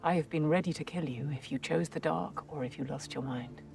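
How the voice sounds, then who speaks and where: A gravelly, steely sorceress mentor. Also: female voice, sits low, darkish tone, faint music behind. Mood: stern. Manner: measured, clipped, frank. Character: composed female sorceress mentor, steely and blunt.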